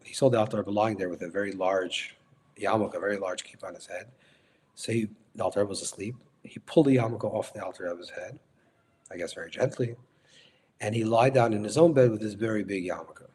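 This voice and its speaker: A man teaching as a rabbi walks through a story step by step, correcting himself and glossing every Hebrew term in plain English. His voice sits somewhat low, with a faint hiss of noise underneath. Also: darkish tone. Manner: restates phrases, glosses Hebrew and Yiddish terms in English; unhurried, repeats and corrects himself mid-sentence. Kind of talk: storytelling lecture.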